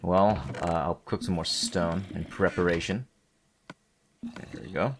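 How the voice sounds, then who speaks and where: A man's voice: deep voice, fairly even intonation, measured pace, noisy background. A man giving casual, meandering let's-play commentary, self-deprecating and full of hesitant restarts. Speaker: gameplay commentator.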